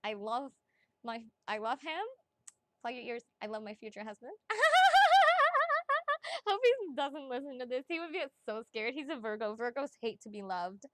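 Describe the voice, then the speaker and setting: A woman hosting a livestream of psychic readings, chatting casually in a bubbly, giggly way with quick asides. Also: a little high, expressive, slight background noise. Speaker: psychic reader, livestream host.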